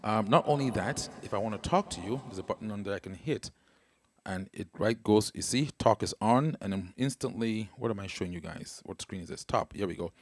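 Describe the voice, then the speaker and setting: A man's voice: fairly low pitch, a little fast, big-room sound. A man casually talking livestream viewers through a keyboard demo on a wireless handheld mic, checking comments as he goes. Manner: casual, talks viewers through each step. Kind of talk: live product demo with singing. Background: keyboard music.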